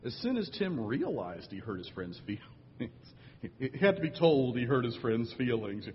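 A man's voice: medium pitch, very animated, unhurried, slight background noise. A man who is a pastor, telling a story in a sermon with acted quotes and dry humor. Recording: dull audio with long hall reverb.

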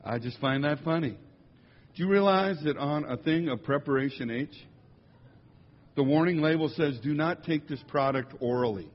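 Husky man telling jokey stories in a hall. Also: a little high, moderate pace. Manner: jokey, animated storytelling with impressions. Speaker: musician speaking to a congregation. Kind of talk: humorous storytelling talk. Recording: dull lo-fi sound in a large reverberant hall.

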